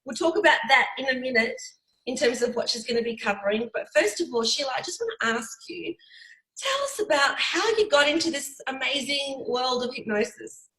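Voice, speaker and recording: A woman's voice: high-pitched, lively intonation, a little fast, pushed and bright, reverberant, poor audio. A woman with an Australian accent hosting an interview, introducing her guest with enthusiasm. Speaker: interviewer and host. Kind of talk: interview conversation.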